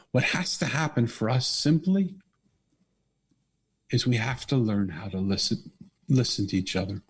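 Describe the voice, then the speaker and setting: A middle-aged man, a podcast guest and author, telling a personal story in an earnest, animated way. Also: medium pitch, unhurried, pauses often, husky. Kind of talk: conversational storytelling.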